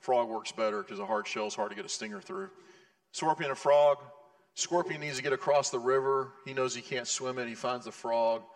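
Gravelly-voiced pastor preaching in a reverberant hall. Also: male voice, medium pitch, moderate pace. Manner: earnest, conversational preaching with asides. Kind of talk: sermon.

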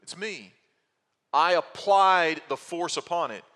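Bright-voiced preacher man in an echoing hall. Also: fairly high pitch. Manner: teaching, explains slowly with restarts and rhetorical questions. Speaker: pastor. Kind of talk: expository sermon.

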